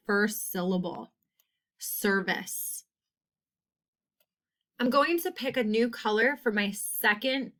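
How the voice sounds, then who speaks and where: A woman teacher talks very slowly and carefully through a spelling lesson. She sounds out letters and repeats each word in a simple example sentence. Her voice sits at an ordinary middle pitch. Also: fairly bright tone. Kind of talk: slow, deliberate phonics lesson.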